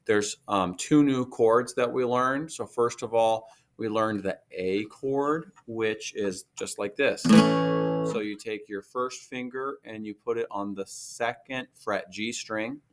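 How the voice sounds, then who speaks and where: A man's voice: on the low side, slow. A man teaching a guitar lesson, patiently explaining finger positions step by step. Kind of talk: recorded music lesson.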